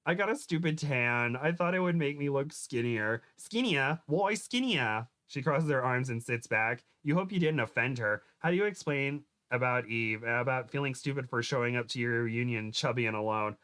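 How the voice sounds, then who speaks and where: A man hosting a comedy podcast, reading fan fiction aloud with stumbles, giggles and quick shifts into character voices. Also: medium pitch, animated, a bit bright, clean tone.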